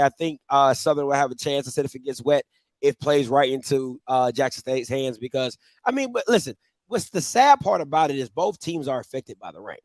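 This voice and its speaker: A man hosting a sports talk show, making emphatic points about college football. His voice sits a bit high for a man. The sound is dry and close, with no room around it. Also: dry recording. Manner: emphatic, leans on "listen" and "at the end of the day". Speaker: show host.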